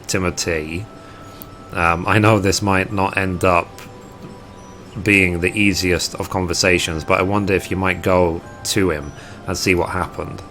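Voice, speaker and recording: A man reading aloud the gentle, polite lines of a kindly festive gift-giver in a game. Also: sits low. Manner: plain read-aloud delivery, gentle polite wording.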